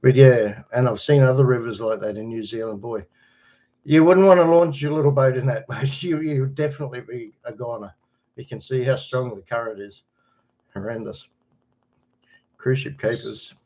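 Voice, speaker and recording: A middle-aged Australian man chats loosely to his livestream viewers, wandering between stories, greeting people by name and chuckling at his own jokes. His voice sits in a plain middle pitch. The webcam microphone gives the sound a slightly dull, muffled edge. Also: normal speed, a little mellow. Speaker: livestream host. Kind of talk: casual livestream chat answering viewers.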